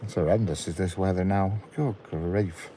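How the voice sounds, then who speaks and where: A man's voice: low-pitched, normal speed, warm tone, a little hiss or hum. A man in a parked car chatting casually on a live stream, greeting viewers by name and chuckling. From England. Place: inside a parked car by a railway.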